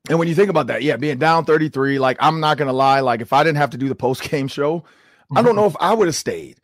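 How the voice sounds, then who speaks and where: A man in his forties hosting a sports podcast, telling stories in a casual, animated way and acting out quotes with lots of "like.". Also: on the high side, fast, dry recording, clean studio sound. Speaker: podcast host.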